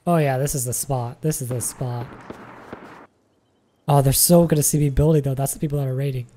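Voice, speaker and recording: A woman giving live gameplay commentary as a streamer, excitable, swearing and laughing often. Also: extremely low pitch, brisk, a little hiss or hum. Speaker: gaming streamer.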